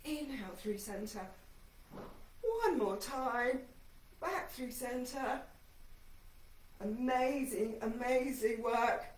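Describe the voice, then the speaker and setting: A woman's voice: fairly high pitch, takes it slowly, pauses often, echoey room, far from the mic, rough recording. A woman instructor calling breathing cues through an ab workout while doing it herself, her voice a little shaky from the effort. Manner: encouraging cues paced to breathing, slightly breathless. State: shaky voice from exertion. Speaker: fitness instructor.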